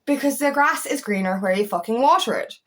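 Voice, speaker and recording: Blunt self-help coach woman, slightly high voice, swears a lot, heated rant vibe. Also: fairly quick. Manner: blunt and heated, swears often, animated rants. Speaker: feminine empowerment coach. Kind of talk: casual talk to camera.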